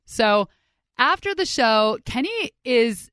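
A woman's voice: on the high side, very animated, slow, a bit bright, clear, resonant tone, no echo, studio quality. Upbeat chatty woman podcast host. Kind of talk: casual storytelling narration.

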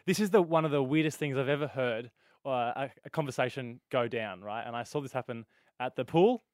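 An Australian man co-hosting a radio show, telling stories in chatty, animated banter. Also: medium pitch, fairly quick, no echo, studio quality. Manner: animated storyteller, chatty with fillers and laughs. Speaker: radio co-host. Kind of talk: casual banter on breakfast radio.

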